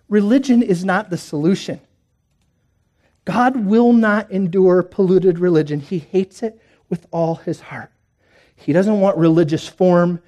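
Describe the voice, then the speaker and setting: A man preaching a sermon in church, swinging between hushed, quiet lines and emphatic ones. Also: high voice. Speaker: pastor.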